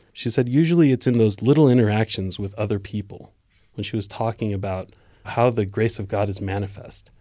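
A man co-hosting a faith discussion, telling a personal story in an earnest, measured way. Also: lowish voice, a little mellow, no room sound, studio quality.

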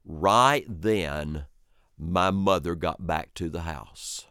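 A male storyteller telling a funny childhood story with dramatic pauses and sudden jumps in pitch. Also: fairly bright tone, smooth, no room sound, clean studio sound. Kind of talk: told personal story.

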